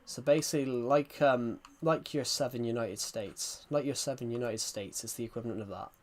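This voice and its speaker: A man with a thick West Country accent from rural England chats casually to viewers on a live stream, his voice medium in pitch and moderate in pace. He rambles, repeats phrases, and keeps calling his viewers "guys."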